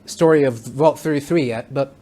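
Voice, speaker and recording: A man giving a casual spoken review of a TV series, rambling with many fillers and restarts, sometimes acting out lines in quick voices. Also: medium pitch, dark tone. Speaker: show reviewer.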